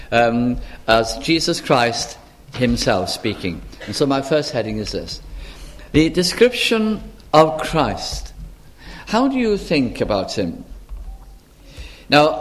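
A man preaching an expository sermon, earnest and measured, with frequent restarts and emphatic pauses. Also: mid-range voice.

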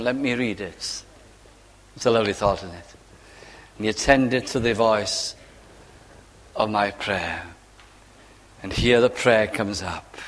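A man's voice: medium pitch, big-room sound. A man preaching a sermon, earnest, acting out quotes and drawing out key phrases.

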